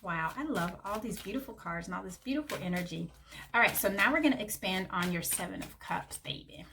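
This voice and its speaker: A woman's voice: mid-range voice, animated, brisk, creaky, background noise. Gushing tarot reader, a woman. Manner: warm, gushing, affectionate, calls listener honey and baby. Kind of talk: tarot reading to camera.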